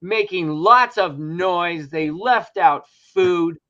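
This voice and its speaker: A man's voice: sits high, slow, bright, forceful tone. A middle-aged man hosting a casual talk show, telling a story animatedly, acting out dialogue and swearing often. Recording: dull lo-fi sound.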